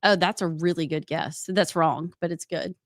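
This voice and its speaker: A woman, co-hosting a casual talk radio show and reading out news items with animated, laughing banter. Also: fairly low pitch, moderate pace, no echo, clean studio sound.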